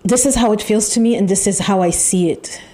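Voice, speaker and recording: A woman giving a channeled tarot reading, talking in an emphatic, repetitive way with pauses and sighs. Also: mid-range voice, mellow. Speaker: tarot reader.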